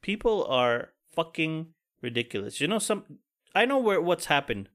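A man hosts his own podcast and rants at length in a somewhat high voice. He swears freely and sounds bitter and fed up. His talk comes in heated, blunt bursts. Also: big pitch swings, normal speed, a bit bright. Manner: angry, profane, pessimistic venting. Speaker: podcast host. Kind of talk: casual solo podcast rant.

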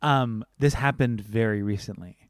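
A young man chatting casually as a podcast co-host, telling a personal story in an animated, expressive way with frequent swearing. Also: on the low side, normal speed, dry recording, studio quality. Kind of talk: casual chat.

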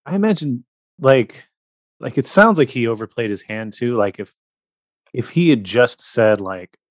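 A man's voice: medium pitch, animated, measured pace, no room sound, studio quality. A man hosting a podcast, thinking aloud in casual chat. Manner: thinks aloud with fillers and restarts. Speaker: podcast host.

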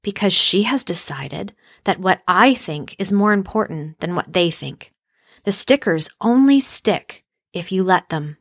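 A woman voicing a large, bearded male woodcarver who speaks gently, slowly and reassuringly. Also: fairly low pitch, lively intonation, dry recording, studio quality. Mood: tender.

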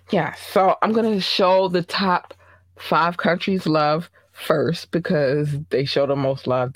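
A show host from Baltimore giving casual, effusive and affectionate shout-outs to listeners, with big playful jumps in pitch. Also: no room sound. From Baltimore, Maryland. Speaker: podcast host.

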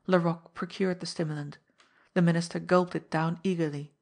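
A woman reads an audiobook in a steady, measured way. Her voice sits a little low. She keeps an even pace. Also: gravelly. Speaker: narrator. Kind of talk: audiobook narration.

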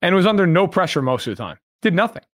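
A man's voice: high-pitched, very animated, racing, a bit bright, no echo, clean studio sound. A man co-hosting a sports podcast, ranting bluntly with profanity and repeated points. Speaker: podcast co-host. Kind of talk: heated sports podcast talk.

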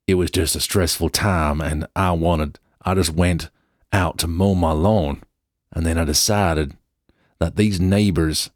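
An English man doing a clumsy, exaggerated American accent with a slow drawl while quoting another man. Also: low voice, fairly even intonation, dry recording, clean studio sound. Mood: earnest.

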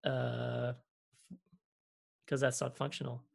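A man's voice: mid-range voice, level tone, takes it slowly, gravelly, a little mellow. A man co-hosting a casual podcast from home, rambling with lots of fillers. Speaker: podcast co-host. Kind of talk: casual chat.

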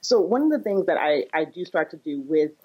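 A woman's voice: low-pitched, sing-song, brisk, darkish tone, breathy edge. A woman psychotherapist and parenting coach speaking as a guest in a conversational interview, explaining ideas through everyday examples. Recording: dull lo-fi audio.

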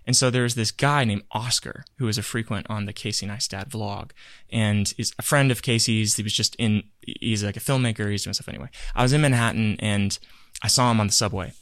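A man's voice: lowish voice, a little fast, few pauses, dry recording. Guy cohosting a chatty podcast, acts out what people said, dry close sound. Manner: animated storytelling, acts out quotes. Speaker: podcast co-host. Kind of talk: casual chat.

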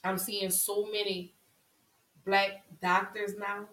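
A woman's voice: mid-range voice, level tone, takes it slowly, fairly bright tone. A woman giving an impassioned monologue to her viewers. She speaks with emotion and often repeats herself for emphasis. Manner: impassioned, repetitive, voice rising with emotion. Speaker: vlogger. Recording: roomy echo, voice from a distance.

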